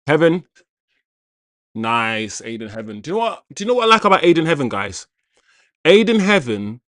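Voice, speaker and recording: Excitable man hosting a watchalong. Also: mid-range voice, no room sound, studio quality. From Jamaican heritage. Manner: excitable, shouts out viewers, reacts to play. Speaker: football watchalong host. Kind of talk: live match commentary and chat.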